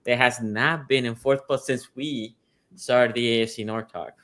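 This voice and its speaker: Male host, middle pitch, lively casual sports-podcast delivery. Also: moderate pace. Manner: energetic, reads out chat comments. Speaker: show host.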